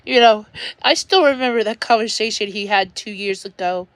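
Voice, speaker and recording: Speaking at normal speed with a medium-pitched voice, a woman livestreams from home in an emotional personal monologue. She rambles, sounds upset, and keeps restarting her sentences; there's no echo.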